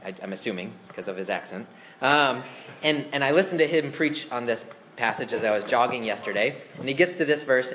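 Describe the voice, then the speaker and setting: A man's voice: mid-range voice, fairly quick, a bit bright, slight background noise. A man preaching a sermon as pastor, conversational and asking the congregation questions. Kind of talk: interactive sermon. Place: church.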